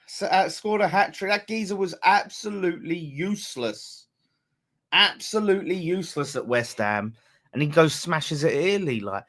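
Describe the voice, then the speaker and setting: A man hosting a football fan live stream, rambling and chatty, blunt and quick to swear. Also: medium pitch, fairly bright tone. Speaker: fan channel host. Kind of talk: casual live-stream chat.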